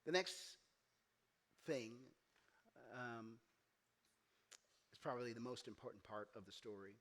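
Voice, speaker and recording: A man's voice: medium pitch, measured pace. A man preaching a sermon as pastor, telling a story and acting out the voices in it. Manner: animated, acts out quoted voices, gets loud and emphatic. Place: church.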